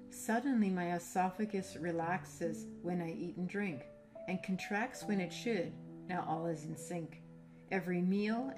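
Woman, spoken word poetry reading, low-pitched, earnest measured recitation, clear guitar music behind. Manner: earnest, measured recitation with emphatic quoted lines. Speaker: poet reading her own poem. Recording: voice over loud guitar music.

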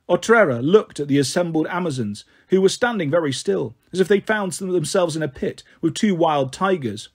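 Storybook narrator, man, higher voice, husky, steady and dramatic. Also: moderate pace, few pauses.

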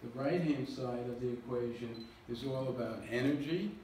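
A man's voice: mid-range voice, normal speed, dark tone. A man gives a public lecture, explaining slides with self-deprecating jokes. His voice carries a heavy hall echo and sounds like it was caught from a distance. A faint hiss sits underneath it. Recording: echoey hall recording from far off.

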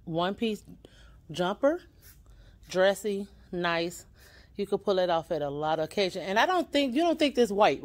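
An upbeat woman with a fairly low voice hosts a casual shopping vlog. She chats straight to her viewers as she walks through an indoor boutique. She is recorded on a handheld camera. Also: darkish tone. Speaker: vlogger touring a store.

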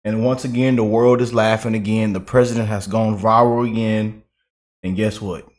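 A man's voice: lowish voice, flat delivery, normal speed. A man giving casual political reaction commentary, chatty and loose, laughing often and repeating himself.

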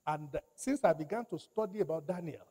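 A man's voice: on the high side, lively intonation, brisk, dark tone. A man preaching a sermon, repeating key phrases and calling out to his congregation for responses. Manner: emphatic, repeats phrases and calls for audience response. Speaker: pastor.

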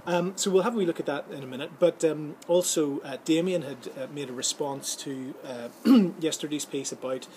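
A man's voice: a little high, moderate pace, few pauses, darkish tone, poor audio. A man hosting a vlog, talking casually and jokily to camera with a rambling, filler-heavy delivery. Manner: chatty and jokey, many fillers and restarts. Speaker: vlog host giving film and voiceover tips. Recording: clear background ambience noise.

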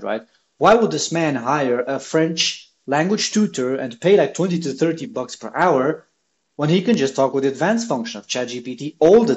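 Excited man hosting a tech video. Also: on the high side. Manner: excited, emphatic. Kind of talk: casual commentary to viewers.

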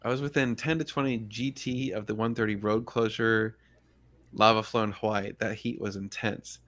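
A man's voice: on the low side, fairly even intonation, normal speed, fairly bright tone. Laid-back rambling male livestream host. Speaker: podcast host. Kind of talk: casual livestream chat.

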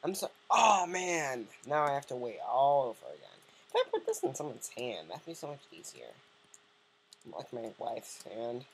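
A woman's voice: extremely low pitch, huge pitch swings, moderate pace, a little mellow, slight background noise. A woman giving casual, joking let's-play commentary and chatting to the game's characters. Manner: joking, rambling, talks to game characters.

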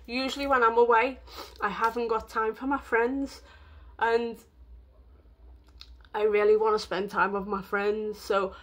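A woman's voice: on the high side, highs cut off. A woman vlogging in a rambling, emotional way, with lots of fillers. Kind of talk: casual vlog talk.

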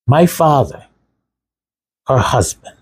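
Man, channel host, raw commentary, impassioned, sarcastic, husky. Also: mid-range voice, sing-song, slow.

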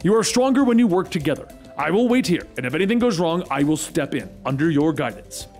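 A man voicing a calm, earnest young male android who speaks slowly and evenly, for a comic story recap. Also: a little high, faint music behind. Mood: measured. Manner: slow, measured and flat.

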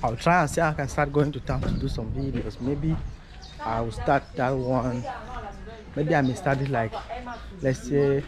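A man talking casually to his camera while walking outdoors, rambling and repeating himself as he vlogs. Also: medium pitch. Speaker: vlogger. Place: outdoors on a street. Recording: noisy outdoor street recording.

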